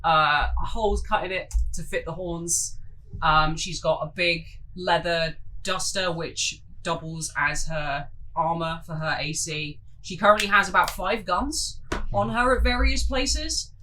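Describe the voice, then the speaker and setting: A woman's voice: fairly low pitch, measured pace, bright, forceful tone, a little hiss or hum, rough recording. A woman casually introducing her tabletop game character, chatty and laughing as she goes off on tangents.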